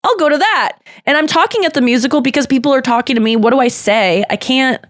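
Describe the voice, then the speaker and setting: A woman's voice: sits high, no echo, clean studio sound. Candid chatty woman podcast host. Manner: candid and confessional; quick, chatty, with laughs. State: irritated throat. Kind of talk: casual chat.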